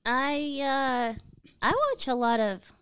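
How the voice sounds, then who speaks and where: A young woman with a soft, sweet voice, chatting as an interview guest, bubbly and quick to laugh. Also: high voice, fairly even intonation, clean tone, no room sound. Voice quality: soft, sweet voice that doesn't sound threatening. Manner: giggly, bubbly, frequent laughter. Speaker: interview guest, musician's wife. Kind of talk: casual interview chat.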